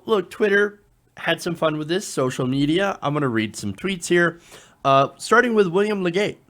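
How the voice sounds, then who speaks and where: A man hosting casual political commentary, reading tweets aloud with a sarcastic tone and frequent chuckles. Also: medium pitch. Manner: sarcastic, chuckling often, lively delivery.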